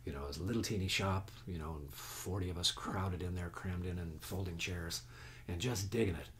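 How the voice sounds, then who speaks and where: Folksy, low-voiced guitar teacher, man. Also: brisk. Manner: folksy, chatty, counts beats and hums notes aloud. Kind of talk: casual guitar lesson webcast. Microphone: home webcast mic. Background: own guitar playing.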